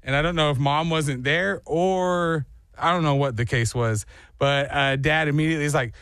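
Man, morning show host, casual chat, lively storytelling, a little high, dry close sound. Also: moderate pace, clean tone, no echo. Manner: lively storyteller, acts out quoted voices.

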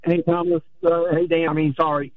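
Fast-talking male caller, tinny line. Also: fairly high pitch, flat delivery, dry recording. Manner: fast, correcting, jokey. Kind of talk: phone-in chat.

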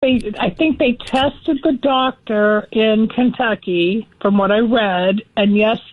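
A woman's voice: a little high, takes it slowly. A chatty woman from the Los Angeles area, telling odd news stories on a call and laughing at her own jokes. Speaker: guest commentator. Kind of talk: casual phone-in chat. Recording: tinny phone line.

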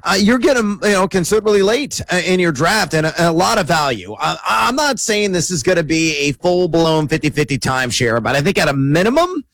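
A man breaking down fantasy football picks, rattling off numbers at a brisk clip. His voice sits a bit high for a man. The sound is dry and close, with no room around it. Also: very animated, a bit bright, dry recording. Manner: quick, numbers-packed delivery with fillers. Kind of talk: stat-heavy sports analysis.

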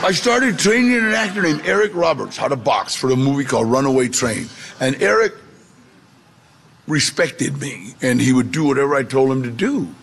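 A man telling his life story to an audience, lively and acting out the voices of the people in it. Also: medium pitch, normal speed, slight background noise. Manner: animated, gravelly storyteller who acts out quoted voices. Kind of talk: storytelling talk.

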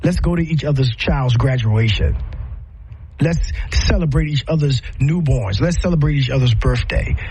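A man's voice: mid-range voice, normal speed, warm tone, slight background noise. A man preaching a sermon in an earnest, repetitive style, speaking directly to his listeners.

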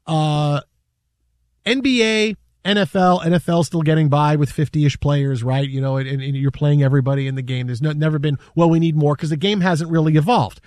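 Sports radio guy riffing about baseball, kinda high voice, keeps restarting, dry studio sound. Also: a little fast, darkish tone, no room sound. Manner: rambling, repeats himself, many restarts. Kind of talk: casual sports talk.

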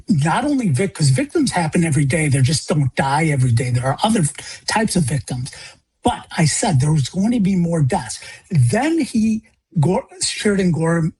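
A man's voice: darkish tone, breathy edge. A middle-aged man from Illinois, a grieving father and radio guest, speaking with passion, his voice jumping up when he gets upset. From Illinois, United States. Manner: impassioned, pitch jumps up when upset. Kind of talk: phone-in interview.

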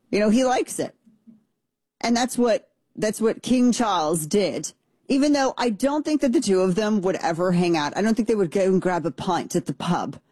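A middle-aged woman talks through the week's politics in a loose, opinionated way, circling back and correcting herself as she goes. Her voice is low-pitched and mellow, and the recording is dry and close. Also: dry recording. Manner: chatty, opinionated, with many restarts and asides. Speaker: political commentary host. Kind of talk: casual political commentary.

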